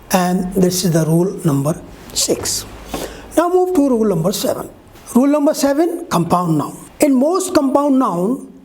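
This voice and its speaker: A woman teaching a lesson, explaining step by step with many pauses. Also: fairly high pitch, warm tone. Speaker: English teacher.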